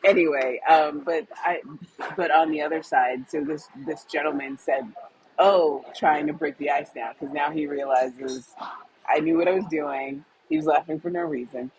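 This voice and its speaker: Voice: mid-range voice, fairly even intonation, normal speed, slight background noise, rough recording. A co-host telling a story in casual conversation, chatty, laughing often and acting out dialogue.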